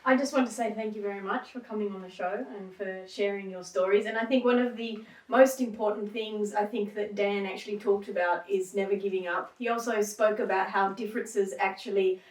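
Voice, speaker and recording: A woman co-hosts a casual talk show, playful as she runs a word game with her guests. She sits at a middle pitch. She sounds distant, with a roomy echo around her. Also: fairly even intonation, a little fast, few pauses. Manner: playful quizmaster, bursts of delight. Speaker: co-host. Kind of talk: casual chat.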